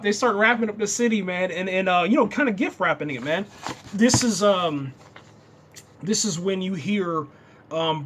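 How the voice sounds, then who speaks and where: A man giving a casual, excitable, unscripted TV review, dropping "man" into nearly every sentence. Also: high voice, slight background noise. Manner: excitable, says "man" constantly. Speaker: TV show reviewer.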